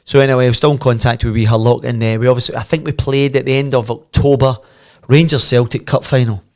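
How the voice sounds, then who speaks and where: A man's voice: mid-range voice, fast talker. Glasgow guy in his 50s telling a rowdy old football story, laughs n swears a lot, talks like he's down the pub. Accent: Scottish, Glasgow. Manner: animated, laughs and swears freely while telling. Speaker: podcast guest, former footballer. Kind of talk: casual anecdote storytelling.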